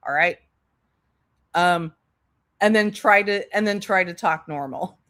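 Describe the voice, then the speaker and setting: A woman's voice: lowish voice, slow, a bit bright. A woman giving blunt, sarcastic commentary, speaking straight to the person she criticizes. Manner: blunt, sarcastic, addresses the subject directly. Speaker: commentary youtuber. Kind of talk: commentary over clips.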